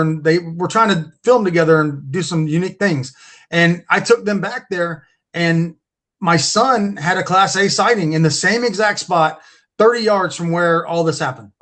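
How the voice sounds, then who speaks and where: A man's voice: sits high, fairly bright tone. A man guesting on a podcast, telling a story casually, repeating and restarting his words as he goes. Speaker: podcast guest, Bigfoot researcher.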